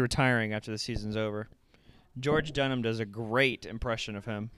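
A young man giving casual, profane play-by-play as a fan while watching a game, bursting into excited shouts. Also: fairly low pitch, normal speed, clear, resonant tone, no room sound.

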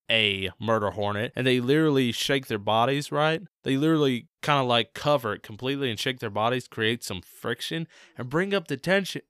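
Southern american man, casual chat, rambling with fillers, mid pitch, dry close sound. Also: a bit bright, clean tone, no room sound. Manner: rambling, filler-heavy, lots of "like" and "literally". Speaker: podcast co-host.

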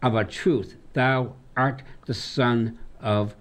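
A man, a pastor, talking through a Bible passage with a colleague and reading verses aloud slowly in old-style wording. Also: medium pitch, steady tone. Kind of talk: conversational Bible discussion.

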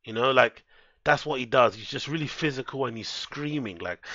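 A man's voice: mid-range voice, brisk, bright, forceful tone, no room sound. Laid-back streamer, swears a lot, chats to his viewers over a dull, dry, lo-fi headset mic. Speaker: live streamer. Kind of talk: casual live-stream chat. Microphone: headset microphone.

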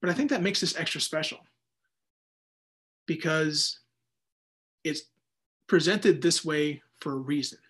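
A man with a notably high speaking voice leads a Bible study in a relaxed, conversational way. He rambles a little, restarts his sentences, and drops into quick acted-out asides. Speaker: Bible teacher. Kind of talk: casual Bible study teaching.

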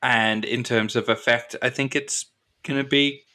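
Bright-voiced chatty game master. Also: male voice, medium pitch, steady tone, measured pace. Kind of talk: running a tabletop game.

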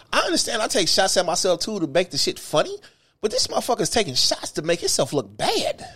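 A man's voice: high-pitched, fast talker, breathy edge. A middle-aged man co-hosting a podcast, telling stories in casual chat, profane and full of filler. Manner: animated, profane storytelling with lots of filler. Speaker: podcast co-host.

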